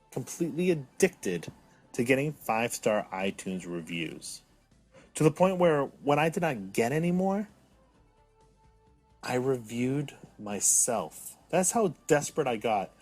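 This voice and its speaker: A man's voice: mid-range voice, big pitch swings, measured pace, darkish tone, soft background music. A man in his thirties hosting a comedic solo podcast, talking with mock drama that swings from mopey to indignant. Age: 30s. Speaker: podcast host.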